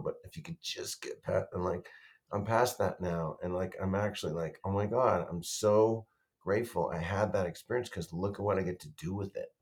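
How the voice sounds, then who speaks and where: A man in his fifties, a guest on a call, talking earnestly with halting restarts and repeated words. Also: sits low, a little mellow. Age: 50s. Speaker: guest survivor. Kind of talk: emotional interview talk. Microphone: video or phone call.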